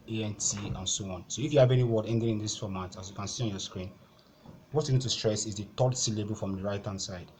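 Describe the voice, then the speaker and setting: A man's voice: fairly low pitch, a little mellow, a little hiss or hum. A Nigerian man teaching an exam-prep lesson at a board, patiently repeating each point and filling gaps with "okay".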